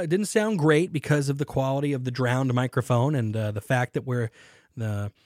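A man's voice: mid-range voice, a little mellow, dry recording. A man hosting his own podcast from a cramped home studio, talking casually with lots of fillers and self-mocking asides. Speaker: podcast host. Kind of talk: casual solo podcast talk. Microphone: studio microphone.

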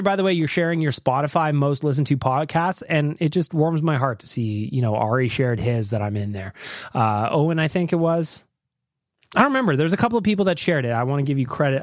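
A man's voice: mid-range voice, dry recording, studio quality. Jokey man hosting a podcast. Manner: jokey, laughs often, lively. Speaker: podcast host. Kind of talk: casual podcast chat. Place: Edmonton.

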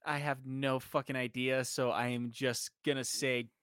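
A man's voice: medium pitch, level tone, normal speed, a bit bright, smooth, no room sound, clean studio sound. A man co-hosting a podcast in casual chat, easygoing and swearing casually. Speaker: podcast co-host.

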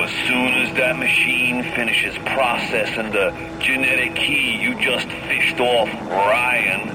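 A man's voice: mid-range voice, close to an everyday voice. An actor with a New York accent playing a smug, scheming male crime boss in a video game, with a drawling tough-guy delivery. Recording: game audio with noisy background hum.

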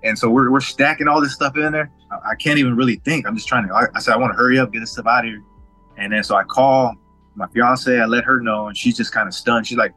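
A man in his forties tells a personal story at a brisk clip, his voice bright and ringing. He stammers and restarts, then jumps into the voices of people he quotes. The sound is dry and close-miked, with faint music underneath. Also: mid-range voice, dry recording, low-quality recording. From Washington State, USA. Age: 40s. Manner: animated, acts out others' quoted lines, frequent stammered restarts. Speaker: guest.

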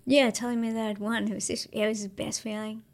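A woman in her thirties with an Australian accent, chatting casually as an interview guest in a relaxed, slangy way with lots of fillers. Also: a little high, fast. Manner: laid-back, slangy, many fillers. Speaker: interview guest, para-surfer.

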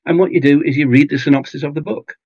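A man with an English accent, chatting in an interview in a relaxed, rambling way with many ums and restarts. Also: a little high, quick pace, no room sound, highs cut off. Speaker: audiobook narrator guest. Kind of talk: casual interview chat. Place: home garage booth with foam pads.

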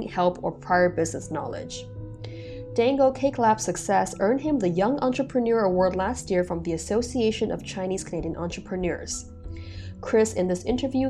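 A woman hosting a podcast, hoarse from a cold, with an upbeat delivery. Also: medium pitch, mellow. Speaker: podcast host. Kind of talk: podcast intro and interview.

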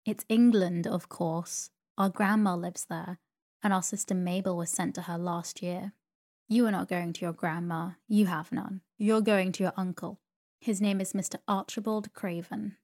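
A woman's voice: mid-range voice, fairly even intonation, moderate pace, darkish tone, lightly acted. A woman voicing a teasing, scornful seven-year-old boy in a storybook reading. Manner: taunting, boastful.

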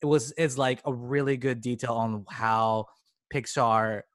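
A man's voice: mid-range voice, fairly even intonation, measured pace, fairly bright tone, no echo, clean studio sound. A man co-hosting a podcast, talking eagerly about a film in a rambling way, full of fillers. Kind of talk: casual movie discussion.

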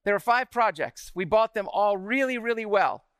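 A man in his forties giving an energetic talk to a live audience, often asking the room questions. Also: high-pitched, normal speed, clean tone, dry recording.

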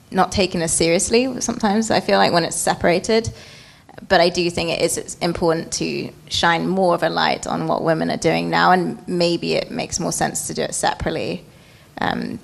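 A woman's voice: fairly low pitch, gravelly. A woman speaking as a panel guest in a thoughtful, hedging way. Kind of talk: panel discussion.

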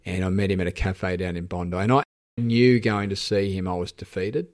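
Deep-voiced Australian man, candid and halting. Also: fairly even intonation. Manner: reflective, halting, with frequent restarts. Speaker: podcast guest. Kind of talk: candid personal storytelling.

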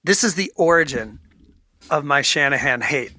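A man's voice: fairly high pitch, normal speed, no echo. A man co-hosting a casual sports podcast, ranting with lots of restarts and stammers. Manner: animated, ranting, frequent restarts. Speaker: podcast co-host.

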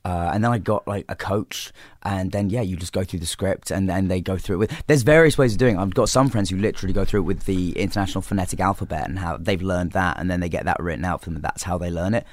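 A young English man chatting as a guest in an interview, talking in quick bursts full of fillers and restarts. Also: sits low, no echo, studio quality. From England. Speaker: actor guest. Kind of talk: casual interview chat.

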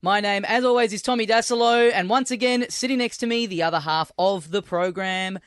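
Brief: high-voiced Australian male co-host, quick, dry studio sound, jokey self-mocking banter. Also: a bit bright, smooth, no echo. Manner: joking, self-deprecating banter. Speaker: podcast co-host. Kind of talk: casual comedy chat. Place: radio studio.

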